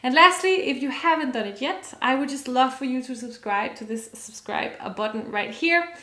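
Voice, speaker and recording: A woman's voice: high voice, normal speed, a bit bright, reverberant. A woman vocal coach explaining singing technique to her viewers, upbeat and enthusiastic, stopping to sing short examples.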